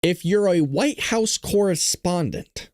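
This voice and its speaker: A man's voice: high-pitched, lively intonation, slow, a little mellow, dry recording, studio quality. A male show host giving casual live-stream commentary, rambling and joking with an exasperated edge.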